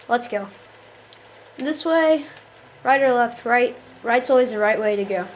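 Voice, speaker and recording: Tired gamer girl, high voice, unhurried, talks smack at enemies, a bit of hiss behind. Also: low-quality recording. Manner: playful trash talk at enemies. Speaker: gameplay commentator. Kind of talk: gameplay commentary.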